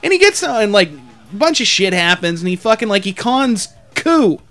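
A man swapping crude stories with a friend, swearing freely and animated. His voice is pitched unusually high for a man. He tells the story like casual banter. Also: moderate pace. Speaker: podcast co-host telling a work story. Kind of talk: casual chat.

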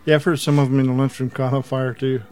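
A man's voice: mid-range voice, flat delivery, fast talker, darkish tone, smooth, no echo. A man in casual chat who reacts with short replies and joking asides.

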